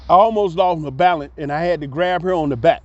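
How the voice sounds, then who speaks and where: A man's voice: fairly high pitch, quick pace, dry recording. Man telling a story, lo-fi sound. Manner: animated, acts out voices, laughs mid-story. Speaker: vlogger. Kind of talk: storytelling monologue. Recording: dull lo-fi recording.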